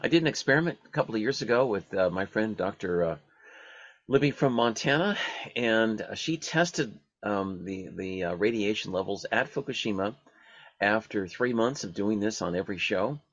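A man hosting a radio talk show, talking in a halting way with many fillers and restarts. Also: lowish voice, expressive, dry recording, highs cut off.

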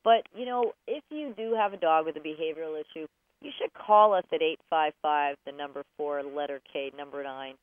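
A woman's voice: sits low, fairly quick, no room sound. A woman hosting a radio advice show about dog training, chatty and jokey, often acting out voices as she talks. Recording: dry, tinny phone-like radio sound.

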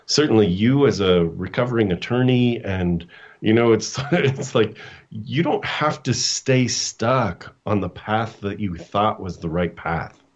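Middle-aged guy coach, low voice, halting story with lots of restarts, dull lo-fi call audio. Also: slightly rough. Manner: halting, with restarts and acted-out quotes. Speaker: guest, coach. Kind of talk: storytelling in a casual interview.

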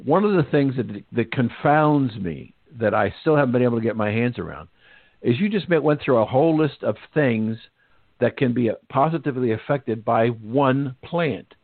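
A male radio talk show host interviewing a guest, measured and polite, setting up questions with anecdotes. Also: medium pitch, dry recording. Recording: phone-like narrow band, dry.

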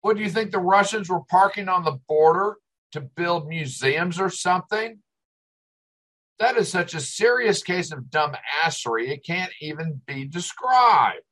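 A man's voice: high-pitched, animated, measured pace, a bit bright, rough recording. Exasperated ranting man. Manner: exasperated, insulting, sarcastic. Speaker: host. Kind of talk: ranting commentary.

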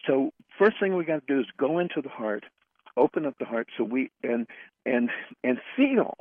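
An earnest man speaks as a radio guest, his talk halting and looping back over phrases. He sounds thin and narrow, as if over a phone line, with a dry, close sound. His pitch sits in an ordinary middle range. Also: lively intonation, no echo. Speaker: radio show guest, flower remedy practitioner. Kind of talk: storytelling in a radio interview.

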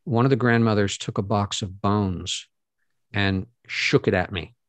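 A middle-aged man, a guest speaker, earnestly telling a personal story to an audience, halting often with fillers and restarts. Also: lowish voice, a bit bright, no echo.

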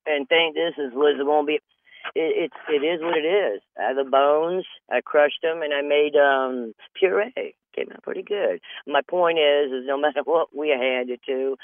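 A man's voice: on the high side, creaky, no echo. A man hosting a comedy show, talking through a rambling comedic monologue from a closet over the phone and laughing at his own jokes. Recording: tinny phone line, dry small space.

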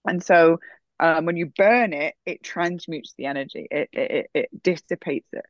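A woman telling a personal story in a casual, animated way, full of fillers. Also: deep voice, normal speed, no echo. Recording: dull, dry sound.

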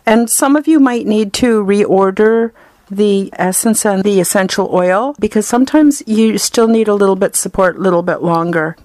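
A woman's voice: medium pitch, moderate pace, darkish tone, no echo. A woman from Canada, giving an earnest, effusive personal testimonial.

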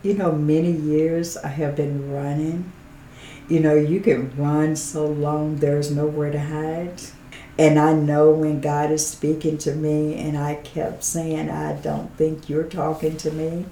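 Her voice sits low and she takes her time, recounting a heartfelt personal testimony as an interview show guest. She laughs often, tells it with animation, and softens to a hush when quoting people. The sound is roomy with slight background noise.

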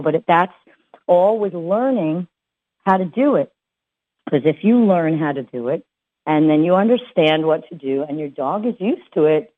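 A woman's voice: deep voice, expressive, moderate pace. A woman dog trainer giving casual advice, chatty and full of fillers and restarts. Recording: tinny phone-like sound.

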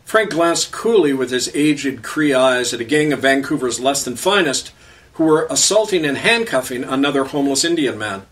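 Casting: male commentator and storyteller, biting and sarcastic, mid-pitch voice, a step back from the mic. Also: lively intonation, normal speed, a bit bright, distant mic. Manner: sarcastic, polemical. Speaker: pastor and show host.

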